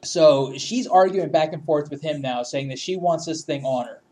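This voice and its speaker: A man's voice: a little high, normal speed, darkish tone. A man telling a story in casual chat, laughing often, swearing freely and acting out what people said.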